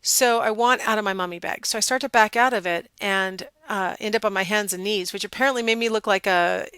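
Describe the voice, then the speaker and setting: A middle-aged woman giving a casual psychology lecture, telling a personal story with lively, animated quoting. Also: medium pitch, dry recording.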